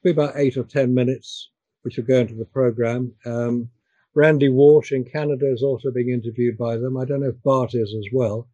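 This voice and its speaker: An older man chatting on a discussion call, pausing and repeating words as he talks. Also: medium pitch, fairly even intonation, mellow, dry recording, lo-fi sound. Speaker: guest. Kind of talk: casual chat.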